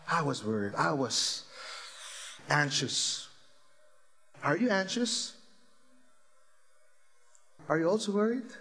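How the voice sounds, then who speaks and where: A man's voice: fairly high pitch, a bit bright, big-room sound. A man with a Filipino accent preaching as a pastor, mixing English with Tagalog and asking the congregation questions. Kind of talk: sermon.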